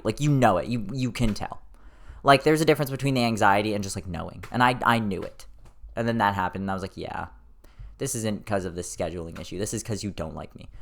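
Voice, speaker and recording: A man's voice: mid-range voice, a bit bright. A young man rambling alone on his podcast, loose and profane with lots of filler words. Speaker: podcast host. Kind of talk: casual solo rambling.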